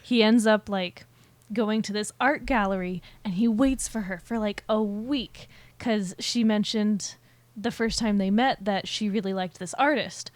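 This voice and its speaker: A woman's voice: mid-range voice, no room sound. A young woman co-hosting a casual podcast, describing a film she likes, with plenty of ums and short agreeing sounds. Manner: relaxed, fills pauses with "um" and short agreeing sounds. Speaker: podcast co-host. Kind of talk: casual chat about movies.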